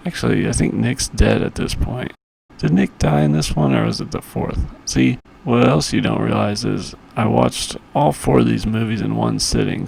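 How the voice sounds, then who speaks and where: A man recaps movies in a crude, rambling comedic style, swearing freely and tossing in loose impressions of the characters. His voice is low and deeply gravelly. A faint hiss sits under the recording. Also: darkish tone. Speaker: podcast host reviewing movies.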